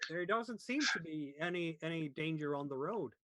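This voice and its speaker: A man narrating a tabletop game as game master, pausing often to search for words. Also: on the high side, expressive, a bit bright, dry recording.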